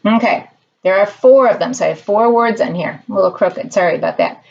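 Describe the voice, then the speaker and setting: A young woman teaching preschoolers at circle time, drawing out words in a slow, sing-song way. Her voice has a slight husky grain. The audio sounds a little muffled, like a home video recording. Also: medium pitch, darkish tone. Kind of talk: children's lesson, circle time.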